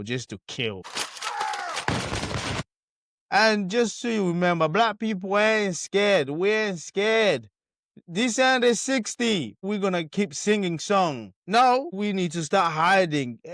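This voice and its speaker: A man's voice: fairly high pitch, a bit bright, no echo, studio quality. A man giving heated commentary on video clips, indignant and emphatic, repeating his points.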